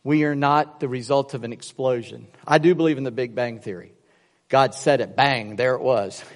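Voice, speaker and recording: A man's voice: medium pitch, normal speed. A man preaching a sermon, telling stories and acting out voices as he goes. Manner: storytelling, animated, acts out voices in jokes. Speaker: pastor. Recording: long hall reverb.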